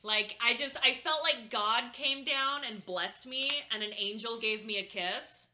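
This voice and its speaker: Bright-voiced woman telling stories. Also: a little high, measured pace, a little hiss or hum. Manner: animated storytelling, swearing, mocking voices. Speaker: co-host. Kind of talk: casual chat.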